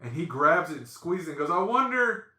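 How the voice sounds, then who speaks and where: A man hosting a podcast, telling stories in a casual, animated way and acting out the voices in them. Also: fairly high pitch, fast talker, reverberant. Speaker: podcast host. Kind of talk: casual storytelling chat.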